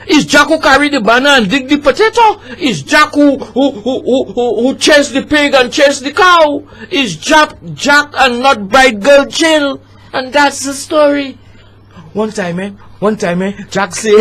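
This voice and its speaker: A man with a St. Lucian accent performing a spoken-word poem, rhythmic and dramatic, swelling into shouts. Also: very high-pitched, lively intonation, moderate pace. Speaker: storyteller and poet.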